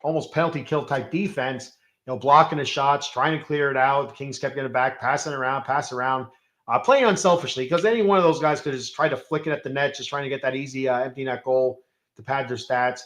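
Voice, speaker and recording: A man's voice: medium pitch, fairly quick, fairly bright tone, reverberant. A man hosting a casual solo hockey recap, rambling with many fillers and restarts. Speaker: hockey podcast host.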